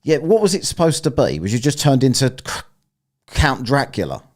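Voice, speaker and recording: A man's voice: mid-range voice, sing-song, normal speed. A man hosting a live stream, rambling, teasing and swearing freely in casual chat.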